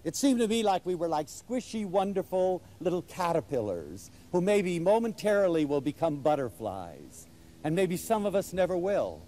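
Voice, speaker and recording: A man's voice: high voice, sing-song, moderate pace, dark tone. A man giving an inspirational lecture to a live audience, telling stories with enthusiasm and animation.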